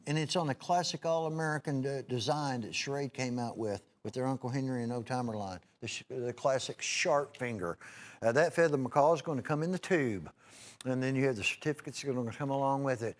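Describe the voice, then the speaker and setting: At medium pitch and a fairly quick pace, a man hosts a live home-shopping segment selling knives. His pitch is folksy and rambling, full of "uh"s and restarts, and he clears his throat now and then.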